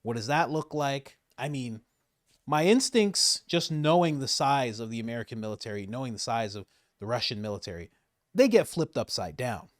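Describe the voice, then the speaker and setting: A man giving casual political commentary, animated, laughing often and repeating his points for emphasis. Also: medium pitch, normal speed, dry recording, clean studio sound.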